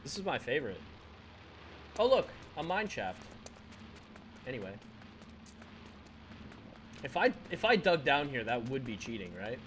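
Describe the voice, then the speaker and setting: A man's voice: mid-range voice, big pitch swings, a little slow, long pauses, a bit bright, a little hiss or hum. A young man, chatting casually with his viewers while playing a game on a live stream, laughing often and answering chat.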